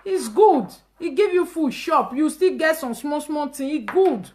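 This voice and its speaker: A woman speaking Nigerian Pidgin English, hosting a casual live stream and ranting emphatically and mockingly, with loud outbursts and low asides. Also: lively intonation, unhurried, slight background noise. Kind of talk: animated casual rant.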